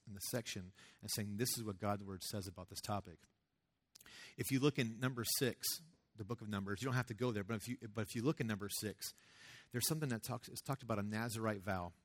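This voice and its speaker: A man preaching a casual sermon as a youth pastor, talking conversationally and acting out quoted voices. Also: fairly low pitch.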